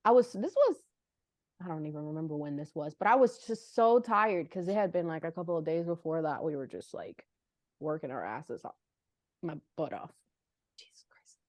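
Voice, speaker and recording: A woman's voice: deep voice, animated, a little mellow, no room sound. A young adult woman from Puerto Rico, a guest on a video call, chatting casually and telling stories with frequent laughter. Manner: laughs often, quick storytelling. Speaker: guest, army drill sergeant. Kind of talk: casual chat.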